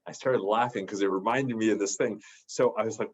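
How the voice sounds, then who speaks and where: A man's voice: fairly low pitch, fairly even intonation, quick pace, few pauses, breathy edge, highs cut off. A man, a therapist, telling a personal story in a casual, rambling way with many restarts. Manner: rambling, full of restarts and fillers. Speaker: podcast guest, therapist.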